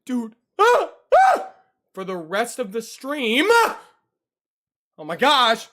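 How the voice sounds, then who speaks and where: Young male streamer, slow unhurried talker, jumpy and easily spooked, reacting live from his home computer setup. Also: very high-pitched, expressive, sharp tone. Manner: jumpy, easily startled, yelps and shrieks.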